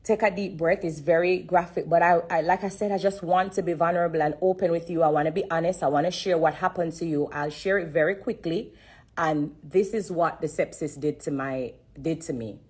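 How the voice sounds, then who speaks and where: A woman's voice: on the low side, a little fast, darkish tone, husky. A woman giving an earnest, emotional testimony on a phone live stream, repeating herself and holding back tears. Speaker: livestreamer sharing a testimony. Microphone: phone on a social-media live.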